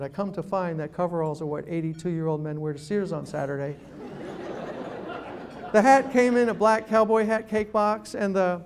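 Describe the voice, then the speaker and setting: A middle-aged man giving an animated, self-deprecating humorous talk as a guest speaker. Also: high voice, a little hiss or hum. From New York City. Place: event room.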